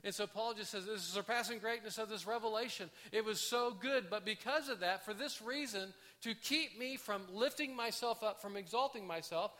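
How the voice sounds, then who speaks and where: Man, pastor, sermon, high voice, bright tone, casual restarts. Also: normal speed, hardly any pauses. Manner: conversational, animated, with frequent restarts.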